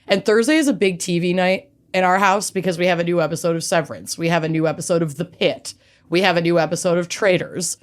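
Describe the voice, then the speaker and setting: A woman co-hosting a podcast, chatting casually in fast, animated banter. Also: on the low side. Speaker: podcast co-host. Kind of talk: casual chat.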